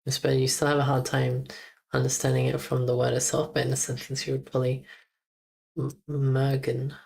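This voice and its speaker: This live streamer is practising German, saying words slowly and repeatedly, with chuckles and an occasional mild swear word. The voice is medium-pitched, monotone, creaky, and darkish in tone.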